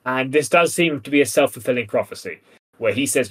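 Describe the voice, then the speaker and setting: A man's voice: medium pitch, fast, fairly bright tone. Man, podcast co-host, teasing tone, reads verse aloud, casual chat. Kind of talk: casual literary discussion.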